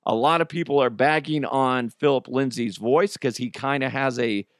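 A man's voice: mid-range voice, normal speed, no echo, studio quality. A man hosting a podcast, giving casual, opinionated commentary with joking asides while trying not to lose his voice. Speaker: podcast host.

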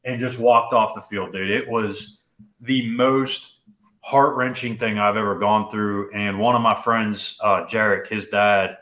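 A young man co-hosting a podcast, telling a personal story in casual chat, animated and full of "dude" and "like". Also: on the low side, a little slow, reverberant. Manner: animated, says "dude" and "like" often. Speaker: podcast co-host.

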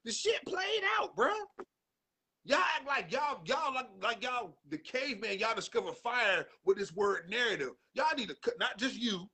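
A man with a high, bright voice rants about sports on a podcast. He is loud and profane and full of slang, and now and then he bursts into a shout. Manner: animated, breaks into shouts. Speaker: podcast host. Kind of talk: comedic sports rant.

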